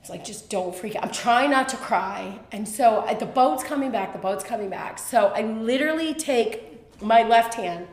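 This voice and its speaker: Animated storytelling woman, echoey room. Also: fairly high pitch. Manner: animated, quick, lots of fillers. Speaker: podcast guest. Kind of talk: personal storytelling.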